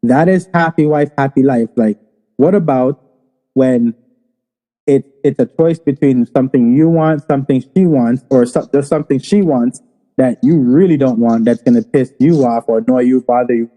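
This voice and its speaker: A man's voice: mid-range voice, normal speed, warm tone, in a large hall. A man on a casual podcast panel, probing with challenging questions.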